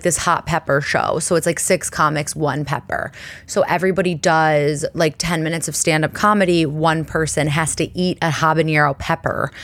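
Chatty woman podcast host, low voice. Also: no echo. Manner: chatty, self-deprecating, animated storytelling. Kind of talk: casual chat.

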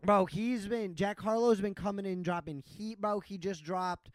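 A man hosting a podcast in casual chat, animated and swearing freely. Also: high-pitched, moderate pace, no echo. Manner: animated, profane, excitable. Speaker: podcast host.

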